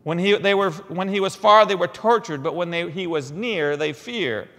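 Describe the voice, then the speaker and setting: A man preaching a sermon in a church. He talks dramatically, dropping to a hush and then rising loud, asking the congregation questions and repeating key phrases. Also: high-pitched, moderate pace. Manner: dramatic, swinging from hushed lines to loud emphatic ones. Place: church sanctuary. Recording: long reverb of a large church hall.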